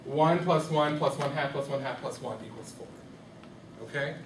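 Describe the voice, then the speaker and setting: This music teacher's voice is on the high side, and he speaks at normal speed over a very noisy, echoey classroom recording captured from far away. He's teaching rhythm, questioning the class and often checking their understanding.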